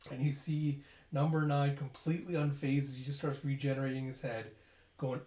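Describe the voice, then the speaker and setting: Guy reading a manga chapter out loud, chill and chatty, mid voice, echoey room. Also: medium pitch, fairly quick. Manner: casual, animated, uses sound effects and fillers. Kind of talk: casual chapter read-through with commentary. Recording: roomy echo.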